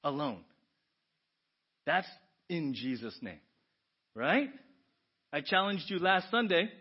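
A man preaching a sermon as pastor, animated, swinging from hushed asides to loud exclamations. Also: a little high, slow pace, slightly rough, dull audio. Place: church sanctuary.

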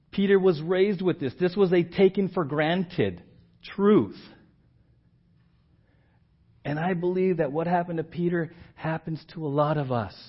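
A male pastor delivers a sermon in an unhurried, deliberate voice that sits a bit high for a man. He plays out the scripture scenes with sudden leaps in pitch and volume and keeps checking in with the room. The recording sounds muffled and lo-fi. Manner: animated, acts out quoted lines with big swings in pitch and volume; asks the congregation questions and often checks in with "right?". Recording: dull lo-fi church audio.

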